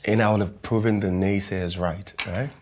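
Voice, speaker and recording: An actor playing a visiting film actor who calmly encourages a young woman, dropping casual slang. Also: on the low side, moderate pace, close to an everyday voice. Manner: calm, reassuring, casual American-style slang. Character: famous male actor visiting, encouraging mentor. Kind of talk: comedy series acting.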